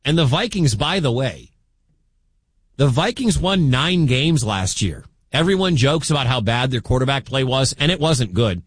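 A man hosting a sports talk show, arguing his opinions with lively swings in pitch. His voice sits at a middle height and sounds dry and close, with no room around it. He speaks straight to his listeners. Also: normal speed, slightly rough, no room sound. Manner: animated, argumentative, talks straight to listeners. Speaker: sports radio host.

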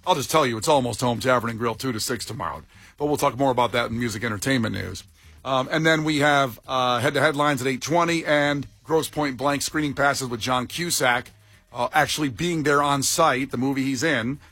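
Bright-voiced man hosting morning radio. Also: mid-range voice, fairly quick, no echo. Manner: playful, exaggerated, self-mocking. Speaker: radio morning show host. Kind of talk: casual radio banter. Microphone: studio microphone.

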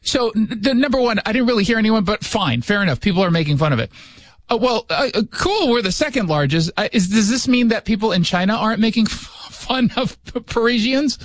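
Sarcastic high-voiced male radio host. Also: lively intonation, fairly quick, no room sound. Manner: sarcastic, joking, self-interrupting. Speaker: radio talk show host. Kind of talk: casual political commentary. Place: radio studio.

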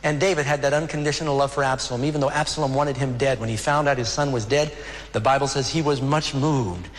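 A man preaching a sermon as pastor, earnest, with dramatic slowdowns on key words. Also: medium pitch, steady tone. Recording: hall reverb with faint ambient noise.

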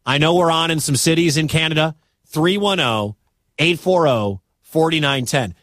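A man from the American Midwest hosting a sports talk radio show, talking in an animated, incredulous, conversational way. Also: a little high, moderate pace, dry recording, studio quality.

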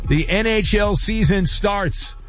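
A man's voice: sits high, fairly bright tone. A man hosting a radio show, reading listener questions aloud and joking and teasing his guest in casual chat. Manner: joking and teasing, quick to laugh. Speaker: radio host. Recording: dull lo-fi radio audio, faint music.

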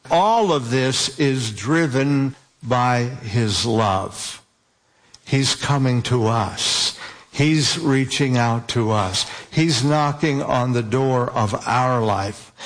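A man preaching a sermon, slowly and deliberately, stretching out key words for emphasis. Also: medium pitch.

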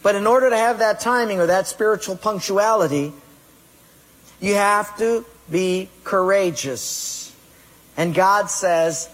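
A man preaches a sermon, firing rhetorical questions and answering them with force. His voice sits high for a man and carries a husky edge. A long reverb trails his words through the hall. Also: a little slow, a bit bright. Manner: emphatic preaching, rhetorical questions, acts out excuses in quoted voices. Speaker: pastor.

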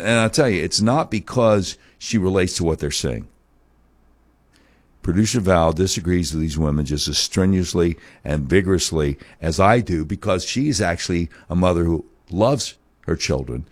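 A man's voice: low-pitched, moderate pace. A man hosting a talk show, delivering a heated, sarcastic opinion monologue full of mocking rhetorical questions.

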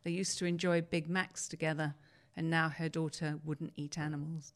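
A woman's voice: low voice, level tone, normal speed. A woman narrating a first-person anecdote in a reflective, wry manner.

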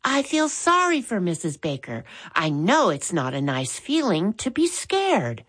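A woman voicing a kind, caring mother who speaks gently and calmly. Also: fairly low pitch, measured pace, husky, full character voice. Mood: gentle.

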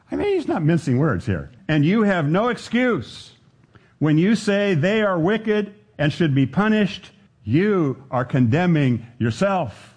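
Man giving a sermon, husky voice, lively pitch, unhurried earnest delivery. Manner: earnest, slows down to stress scripture. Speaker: pastor.

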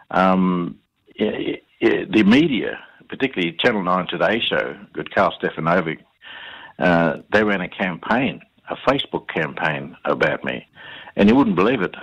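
An Australian man giving an interview, telling his stories in a halting way with many fillers and repeated words. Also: low voice, expressive, a bit bright, slightly rough, highs cut off. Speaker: interview guest. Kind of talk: conversational storytelling.

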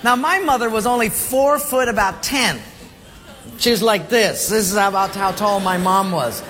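A pastor with a high-sitting, fairly bright voice preaches at a moderate pace, telling jokey stories and laughing along with them in a humorous sermon. The recording has long hall reverb and faint background noise.

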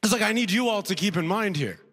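High-pitched, expressive, and a bit bright, a Canadian man talks fast through a stand-up set on a club stage. He chats with the crowd in a punchy, conversational style and laughs at his own jokes, captured with faint noise and long hall reverb.

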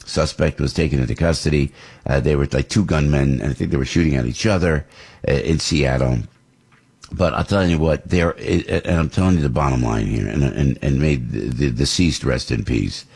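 A man's voice: very deep voice, moderate pace, vocal fry, a little mellow, slightly rough. A man from New Jersey hosting a talk radio show, delivering a rambling, indignant political monologue.

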